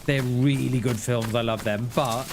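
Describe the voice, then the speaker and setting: A man's voice: mid-range voice, steady tone, moderate pace, background noise. A man chatting casually while live streaming a game, laughing often and calling his viewers mate. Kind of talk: live gameplay stream chat.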